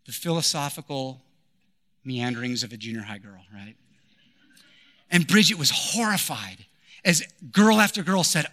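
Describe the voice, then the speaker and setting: A man's voice: a little high, lively intonation, normal speed, pauses often, bright, forceful tone. A man in his forties preaching a sermon, emphatic and repeating his key phrases. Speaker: pastor.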